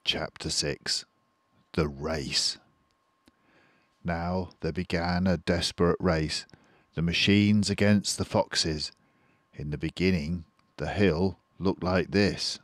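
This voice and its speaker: An older British man reading a children's book aloud in a slow, expressive storytelling manner. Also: sits low, no room sound.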